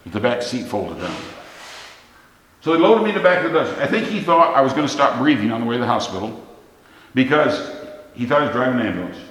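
A middle-aged pastor preaches a sermon, telling a plain-spoken, folksy story. His voice is medium in pitch and a bit bright, recorded in an echoey hall with long reverb.

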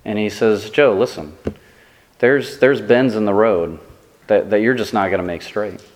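A man's voice: on the low side, unhurried. Storytelling male pastor in a reverberant hall. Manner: self-deprecating storytelling, animated. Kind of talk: sermon.

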